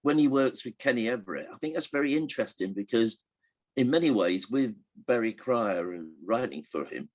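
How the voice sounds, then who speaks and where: Recalling a comedian during an easygoing interview, the older man shares anecdotes, laughing softly at the jokes while stumbling into frequent restarts. His voice falls in the mid-range, expressive and at a normal pace.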